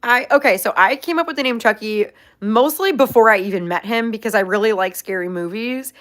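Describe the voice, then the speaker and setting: A woman's voice: fairly high pitch, fairly quick, a bit bright. Chatty young woman, casual vlog. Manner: chatty, upbeat, many "like" fillers. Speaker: pet pig owner, channel host. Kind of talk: casual chat answering viewer questions.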